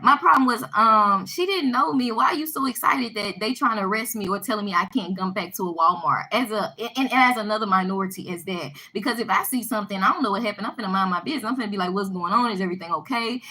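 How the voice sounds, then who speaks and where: A woman telling a personal story to her viewers in a casual vlog, animated and emphatic, often repeating herself. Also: medium pitch, fast, hardly any pauses, husky, rough recording. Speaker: vlogger addressing her viewers.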